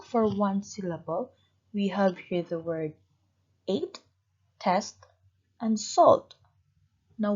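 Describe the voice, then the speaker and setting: A woman teaching a young class, speaking slowly and patiently and stretching out words as she models them. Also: medium pitch, a little mellow, husky, dull audio. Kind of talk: recorded grade-school lesson.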